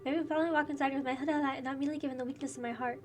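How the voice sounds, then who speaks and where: A woman reading a soft, earnest young woman. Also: sits high, fairly even intonation, racing, distant mic, slight background noise, natural voice. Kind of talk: reading game dialogue and inner monologue aloud. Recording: faint game music behind.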